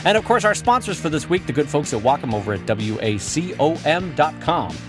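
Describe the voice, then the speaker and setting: A man's voice: on the high side, big pitch swings, fairly quick, music in the background. A man co-hosting a podcast in casual chat, playful and jokey, reading the show credits and sponsor notes. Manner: playful, jokey, slips into silly voices. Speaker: podcast co-host.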